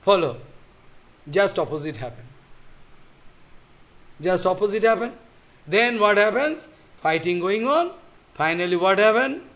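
A male religious teacher, a native Bengali speaker, telling a scripture story in a sermon, halting and repeating phrases and checking that listeners follow. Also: high voice, very animated, a bit bright.

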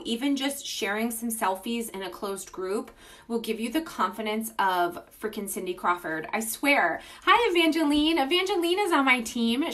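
A woman hosting a casual livestream from her phone, pitching her beauty business to viewers. She talks in a gushing, enthusiastic and informal way and greets viewers by name. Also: fairly bright tone.

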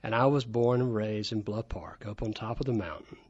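A man's voice: lowish voice, brisk, breathy edge, no echo. A man in his fifties from Alabama with a Southern accent, telling stories as a radio studio guest with enthusiasm. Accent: Southern American. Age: 50s. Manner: enthusiastic, anecdotal. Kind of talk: casual storytelling. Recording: dull, dry studio sound.

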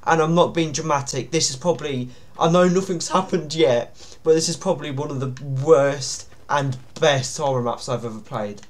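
A man's voice: on the high side, normal speed, few pauses. A man giving nervous, jumpy commentary while playing a horror game. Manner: jumpy, nervous, often pleading to himself. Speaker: gaming YouTuber.

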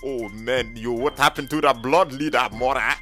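A man's voice: medium pitch, moderate pace, pushed and bright, faint music behind. A man talking pushy slang in a casual game roleplay.

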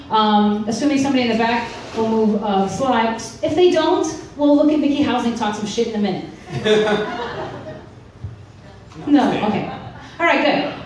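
A woman's voice: sits high, a little hiss or hum. A woman co-hosting a live comedy show, running a trivia game with bubbly, joking banter. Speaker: show co-host. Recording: roomy club, distant mic, crowd.

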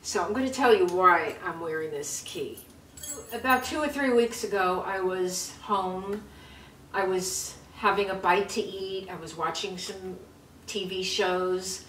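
A woman's voice: mid-range voice, unhurried, fairly bright tone. A woman in her seventies hosting her own vlog, telling a personal story in a chatty way, often repeating words and laughing nervously. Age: 70s. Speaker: vlog host. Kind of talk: casual storytelling. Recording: roomy sound from a distance, faint noise.

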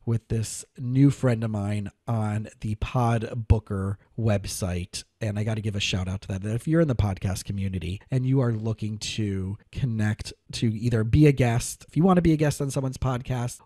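A man's voice: lowish voice, mellow, dry recording, studio quality. A man hosting a podcast, chatting eagerly with lots of fillers and restarts. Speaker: podcast host. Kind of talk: casual interview chat.

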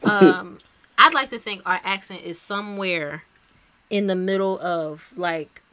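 A woman's voice: medium pitch, unhurried, a crowd in the background. A woman with a Philadelphia accent in a casual review chat, blunt, teasing and opinionated. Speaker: podcast co-host.

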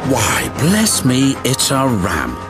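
A British man voicing a brisk, practical male train driver. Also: mid-range voice, huge pitch swings, over loud music. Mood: surprised.

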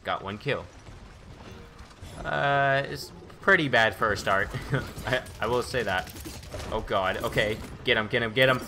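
A man giving excitable, boastful live commentary while playing a video game as a gaming YouTuber. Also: medium pitch, unhurried, long pauses, slight background noise.

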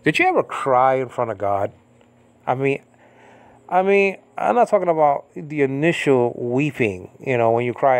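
A man in his fifties, from Puerto Rico, giving an informal Bible teaching, rambling with lots of "I mean, you know" and jumping to a high emphatic pitch on key points. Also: expressive, normal speed. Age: 50s.

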